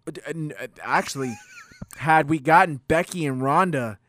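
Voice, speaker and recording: A man's voice: on the high side, moderate pace. A tired man co-hosting a casual wrestling podcast, ranting and joking. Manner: excitable, rants, jokey. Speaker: podcast co-host.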